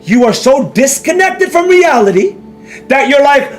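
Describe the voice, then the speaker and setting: A man with a strikingly high voice lectures his live-stream viewers in an exasperated rant, hammering the same points again and again. He stops to read chat comments and answer them, while faint music plays behind him. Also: very animated, measured pace. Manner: scolding, emphatic, repeats points, rhetorical questions. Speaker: day-trading educator hosting a live stream.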